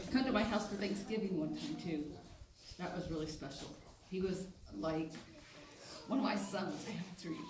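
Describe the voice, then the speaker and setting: Older woman, memorial tribute, lively storyteller; echoey hall, background noise. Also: fairly low pitch. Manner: animated storyteller acting out quotes. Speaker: memorial speaker.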